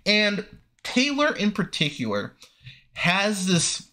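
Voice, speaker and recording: A man's voice: high-pitched, very animated, measured pace, bright, forceful tone. A young man hosting a movie review podcast, ranting with sarcasm and profanity about a film he disliked.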